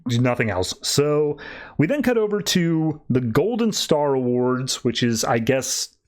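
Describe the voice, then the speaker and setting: A man's voice: mid-range voice, very animated, a little slow. A male podcast host loosely retelling a comic book story in casual chat, paraphrasing the characters as he goes.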